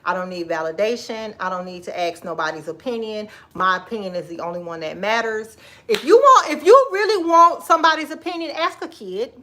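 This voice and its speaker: A woman in her forties chatting casually on a livestream from her kitchen, sassy and expressive, laughing often and giving advice to viewers she calls girl and baby. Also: mid-range voice, brisk. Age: 40s. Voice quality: expressive, laughs often, Southern Black American vernacular turns. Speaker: livestream host. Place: home kitchen.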